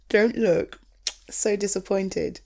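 A woman's voice: mid-range voice, drawn-out words, creaky, dark tone, full character voice. A young woman playing an affectionate girlfriend in a scripted audio role-play, laughing often, swearing freely and teasing her partner before turning tender. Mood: tender, forgiving. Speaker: girlfriend coming home.

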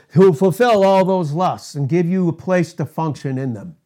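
A man's voice: fairly high pitch, unhurried, warm tone. A man preaching a sermon, emphatic and firing rhetorical questions at the congregation.

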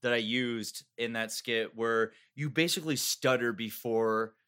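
A man's voice: medium pitch, unhurried, fairly bright tone, clean tone. A man hosting a podcast, chatting casually in a rambling, profane way full of fillers. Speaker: podcast host. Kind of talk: casual chat.

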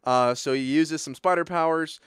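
Young man, casual podcast chat, animated, filler-heavy, slightly high voice. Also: normal speed, clear, resonant tone, no room sound, clean studio sound. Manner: animated, lots of filler words, acts out lines. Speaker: podcast co-host recapping a movie.

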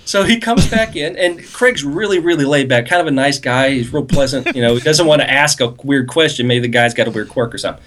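A man's voice: mid-range voice, fairly quick, hardly any pauses, fairly bright tone, slight background noise. A man on a podcast, casually telling a long, rambling story about a prank at work and laughing at it as he goes. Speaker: podcast co-host.

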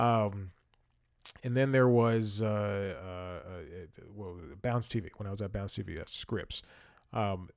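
A man's voice: fairly low pitch, no room sound, clean studio sound. A young man telling a work story in a casual podcast monologue, rambling with fillers, restarts and wry laughs. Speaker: podcast host.

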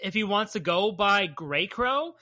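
Bright-voiced, candid comic podcast co-host. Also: mid-range voice, expressive. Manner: measured, candid, playfully sarcastic. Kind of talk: casual chat.

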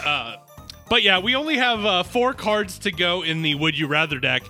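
A man's voice: high voice, lively intonation, moderate pace, pauses often, pushed and bright, soft background music. A man co-hosting a podcast in casual chat, playful and joking, telling stories with frequent restarts. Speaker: podcast co-host.

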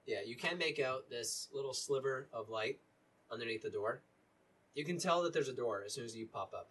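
Halting man narrating a tabletop game. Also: medium pitch, slight background noise. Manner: relaxed, halting, many fillers. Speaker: dungeon master. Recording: voice a little distant from mic.

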